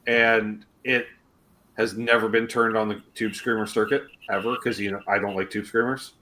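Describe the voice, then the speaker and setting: A man's voice: on the low side, flat delivery, moderate pace, sharp tone. A man from Canada hosting a casual chat about guitar gear, talking with enthusiasm and laughing often. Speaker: channel host.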